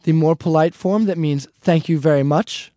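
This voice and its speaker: A man's voice: fairly high pitch, moderate pace, warm tone, no echo, clean studio sound. A man teaching a casual language lesson, friendly and repetitive, often calling the listeners "guys". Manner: friendly, repeats points, calls listeners "guys".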